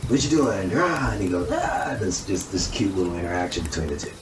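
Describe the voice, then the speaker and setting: A man telling a casual personal story, animated and acting out quoted dialogue. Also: deep voice, fast talker. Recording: echoey room, distant mic, noisy.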